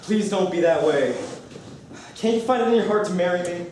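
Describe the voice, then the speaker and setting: A man's voice: high-pitched, a little fast, darkish tone, slight background noise, natural voice. A man playing an earnest, lovesick young groom in a stage musical. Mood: pleading. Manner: earnest and pleading. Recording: echoey stage from far off.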